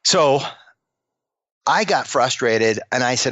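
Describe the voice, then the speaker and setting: A company CEO appears as an interview guest and tells workplace stories, animatedly acting out the quoted dialogue. His voice is mid-range at a moderate pace. The audio is dull, dry and lo-fi with no echo.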